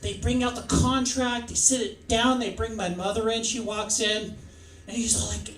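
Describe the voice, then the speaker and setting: A man's voice: very high voice, steady tone, normal speed, a bit bright, slight background noise. A man doing rambling, self-deprecating stand-up comedy in a comedy club. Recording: echoey club, mic from far off.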